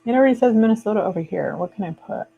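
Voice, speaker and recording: Speaking very fast in a gravelly, husky, mid-range voice, a livestream host chats lazily while crafting and reading out viewer comments. She's relaxed, trailing off with fillers, and the audio has a dull lo-fi stream quality.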